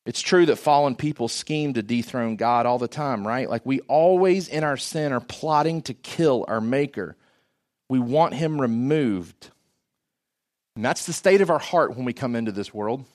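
A man's voice: on the high side, normal speed. A man preaching a sermon in an earnest, emphatic way, often asking rhetorical questions.

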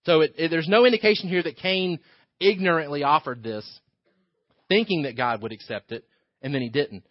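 A man's voice: on the high side, normal speed, no room sound. A man preaching a sermon as pastor, in a conversational way, with rhetorical questions and frequent restarts. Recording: dull lo-fi church recording.

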